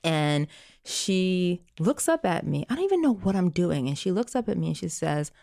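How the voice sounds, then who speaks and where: Woman with a low gravelly voice telling a story, casual chat, dry sound. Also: very animated, fairly quick, dry recording. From Caribbean family, Jamaica. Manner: warm storytelling with laughs and fillers. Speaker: podcast guest, parent. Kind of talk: casual conversation.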